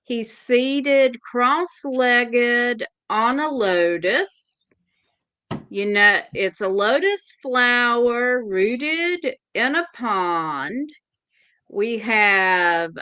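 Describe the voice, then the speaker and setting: Southern US woman, co-host, unhurried drawl, crisp tone. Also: on the high side, animated, bright, forceful tone, no echo. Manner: slow, deliberate, describing cards in detail. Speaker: co-host tarot reader. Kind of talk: casual chat.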